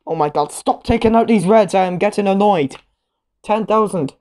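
A woman giving casual commentary while she plays a game show video game, reacting loudly to each result and getting easily annoyed. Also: medium pitch, normal speed.

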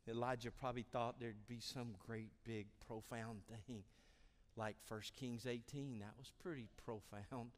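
A male pastor delivers a sermon with an emphatic, repetitive style, rising to loud calls and dropping to near-whispers. His voice sits at an ordinary middle pitch for a man. It rings with the long reverb of a church sanctuary. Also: fairly even intonation, unhurried. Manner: emphatic, repeats key lines, swings from loud preaching to hushed.

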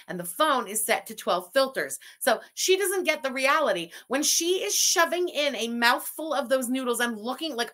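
High, bright-voiced woman ranting while streaming. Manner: profane, mocking and heated; reads out super chats. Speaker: stream host reacting to a video. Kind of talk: live-stream reaction commentary.

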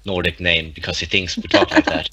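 Swedish-accented male player, low and bright, quick to laugh. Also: flat delivery, a little hiss or hum, poor audio. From Sweden. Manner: joking and defensive, laughs often. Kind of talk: casual chat at a game table.

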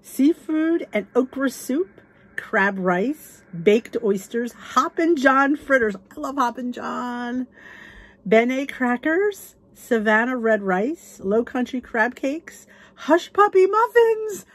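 A woman with a husky, slightly breathy voice chats casually through a cookbook on her channel. She reads recipe names aloud and gushes over the dishes, sometimes dropping to a whisper. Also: fairly high pitch. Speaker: cooking channel host reviewing a cookbook. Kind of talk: casual chat.

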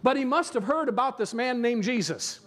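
A man's voice: extremely high pitch, expressive, moderate pace, a bit bright. A pastor delivering an earnest sermon, asking his congregation for amens and repeating phrases for emphasis.

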